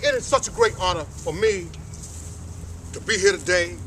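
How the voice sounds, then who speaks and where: A man's voice: sits high, lively intonation, moderate pace, a bit bright, slight background noise. A man giving an impassioned outdoor speech at a ceremony, preacher-like, calling for amens. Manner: preacher-like call and response. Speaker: speaker at a flag ceremony.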